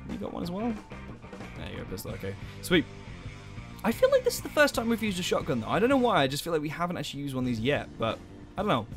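A young man runs a let's play with an animated, joking delivery full of swearing. His voice sits a bit high and swings widely in pitch. Game music plays clearly underneath. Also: quick pace. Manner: animated, jokey, swears a lot. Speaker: gaming channel host.

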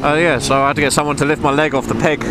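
A man, rambling and ranting casually in his own vlog outdoors by a car park. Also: racing. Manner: rambling, ranting, animated pitch swings. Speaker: motorcycle vlogger. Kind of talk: casual chat. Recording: loud outdoor wind and traffic noise.

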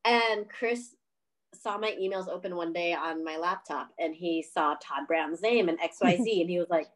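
A woman filmmaker telling a story casually on a video call, chatty and profane, full of "like" and quick laughs. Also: fairly low pitch. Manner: chatty, profane, says "like" a lot, laughs often.

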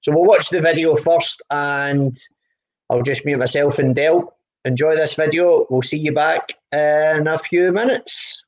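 A man's voice: fairly high pitch, fairly even intonation, a little slow, poor audio. Man hosting a podcast. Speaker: podcast host.

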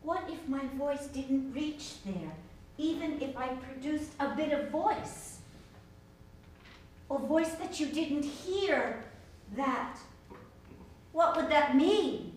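An actress gives voice to an uneasy younger sister whose thoughts come in slow, halting questions. Her voice sits high. She is heard from far back in a very echoey theater with a faint hiss. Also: animated. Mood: uneasy, musing. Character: younger sister lying still, anxious, speaking only in her mind. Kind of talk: stage play reading. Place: theater stage.

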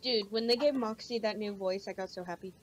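A woman's voice: medium pitch, brisk, muffled recording, a crowd in the background. A woman joking and teasing with friends while reacting to a video over voice chat. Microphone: voice chat mic.

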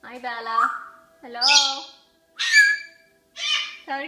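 A woman's voice: high voice, very animated, slow, pauses often, very noisy. A woman talking to her pets at home in cooing, sing-song baby talk. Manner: sing-song and affectionate toward animals. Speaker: pet owner vlogger.

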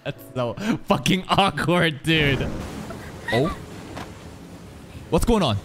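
A man commenting casually on an anime as a reaction streamer, excitable and profane, often laughing. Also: on the high side, takes it slowly. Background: anime soundtrack music.

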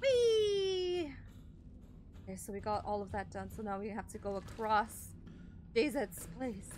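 A woman's voice: medium pitch, animated, measured pace, darkish tone, slight background noise. A woman gaming streamer giving jumpy, easily scared let's play commentary with constant exclamations.

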